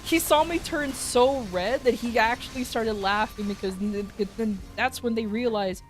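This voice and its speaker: A woman's voice: fairly high pitch, moderate pace, soft background music. A woman with an American accent chatting casually on a stream, rambling through a story, swearing freely and laughing often. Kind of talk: casual chat.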